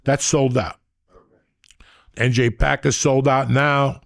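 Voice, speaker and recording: Gravelly, crude male podcast host. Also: mid-range voice, level tone, takes it slowly, no room sound. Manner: boisterous, crude storytelling. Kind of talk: casual podcast chat.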